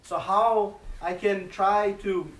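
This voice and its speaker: A man's voice: high voice, fairly even intonation, slow pace, fairly bright tone, roomy sound, recorded from a distance, rough recording. A man quoting a distraught, devoted mother while telling a sacred story in a sermon, in his own voice.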